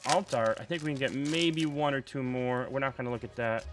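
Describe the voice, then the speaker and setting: A young man chatting casually while opening trading card packs, excitable and prone to loud outbursts. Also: mid-range voice, fairly quick, few pauses, music in the background. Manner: excitable, bursts into shouting and laughter over pulls. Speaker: card unboxing host.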